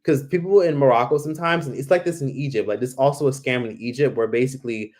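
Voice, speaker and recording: A man's voice: mid-range voice, fast talker. Rambling man chatting on a livestream. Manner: rambling, fills talk with "like" and "literally"; acts out the voices of people he quotes. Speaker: YouTuber hosting a live Q&A. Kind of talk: casual livestream chat. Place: home.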